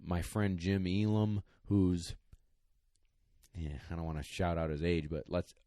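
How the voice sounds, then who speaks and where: A man co-hosting a podcast, who works as a dog trainer, tells a rambling, emotional story in casual chat, choking up and tearing up at times. His voice is low-pitched and dark, with little pitch movement and a measured pace. The studio-quality recording has no echo.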